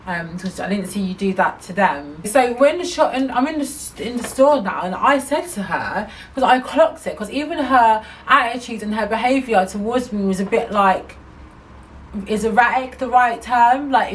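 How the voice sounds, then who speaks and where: A woman telling a story to her camera, her voice bright and fairly high as she chats on in an animated, indignant way. She sits a little back from the mic, with a faint hum of noise in the room. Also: normal speed, far from the mic, low-quality recording. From England. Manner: animated, chatty, indignant retelling. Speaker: vlogger. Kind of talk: storytime vlog.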